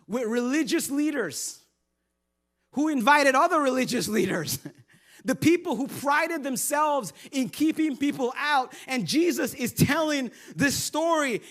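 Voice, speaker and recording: Brief: male pastor, lighthearted storytelling sermon, voice sits high. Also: fairly bright tone. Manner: humorous, conversational storytelling.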